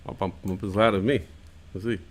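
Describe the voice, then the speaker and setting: A man's voice: on the low side, steady tone, quick pace. A man hosting a live-stream talk show, chatting casually with rambling jokes and plenty of swearing. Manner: rambling, joking, profane. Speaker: host. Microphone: headphones and desk mic at home stream.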